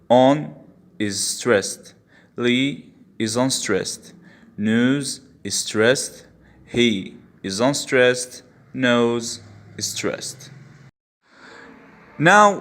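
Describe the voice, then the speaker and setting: A man teaches a poetry lesson at an unhurried pace, his voice sitting at a middle pitch. He walks through each step patiently and repeats the key terms so they stick. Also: a bit bright. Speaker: English literature teacher.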